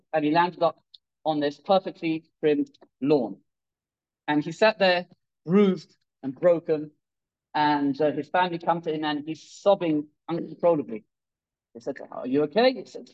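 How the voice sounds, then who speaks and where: A man's voice: a little high, lo-fi sound. A man giving a sermon, telling stories and acting out the people in them, with many restarts. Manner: animated, acts out quoted characters, many restarts. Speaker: rabbi giving a Torah talk. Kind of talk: sermon with storytelling.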